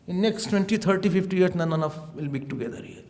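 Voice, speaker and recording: A man with an Indian accent giving a spiritual discourse, playful and animated, slipping Hindi phrases into his English. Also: high-pitched, fast. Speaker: spiritual teacher.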